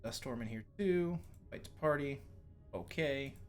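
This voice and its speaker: A man's voice: mid-range voice, lively intonation, moderate pace, soft background music. A man hosting a livestream, talking in an easygoing, rambling way. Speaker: stream host. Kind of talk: casual livestream chat.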